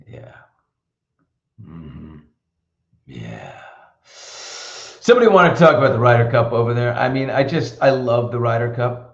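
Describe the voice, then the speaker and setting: A middle-aged man hosting a casual live show, telling stories in an animated, opinionated way. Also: medium pitch, creaky, reverberant, muffled recording. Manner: chatty storyteller, animated and opinionated. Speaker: host. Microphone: computer mic.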